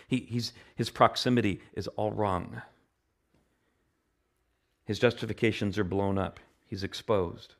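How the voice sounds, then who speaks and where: A male pastor preaching a sermon in an earnest way, often repeating and restarting his phrases and growing impassioned at his high points. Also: steady tone, a little slow, creaky, long pauses. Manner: turns impassioned and louder at climaxes.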